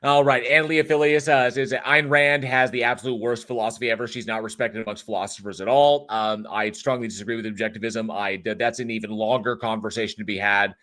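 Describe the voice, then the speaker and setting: A man's voice: medium pitch, steady tone, fast, few pauses, fairly bright tone. A man hosting a live online talk stage, chatting casually and joking with listeners as he greets them. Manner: chatty, jokey, rambling. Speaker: host.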